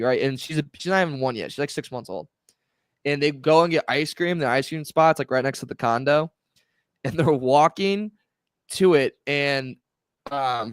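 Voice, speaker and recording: A man's voice: on the high side, clear, resonant tone, no room sound, clean studio sound. A man co-hosting a casual podcast, telling family stories and laughing through them. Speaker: podcast co-host. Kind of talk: casual storytelling chat.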